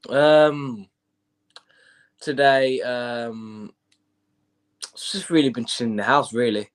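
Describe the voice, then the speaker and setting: A man's voice: medium pitch, takes it slowly, smooth. A man co-hosting a casual football stream, stuffy with hay fever and a bug, repeating his points in a laid-back way. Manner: laid-back, repetitive, fan talk. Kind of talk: casual chat.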